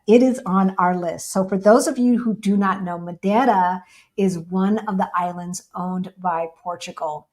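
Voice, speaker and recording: A chatty American woman co-hosts a casual livestream, her voice sitting a little low. She reads out viewer questions and answers them in a lively, conversational way. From United States. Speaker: co-host of a livestream.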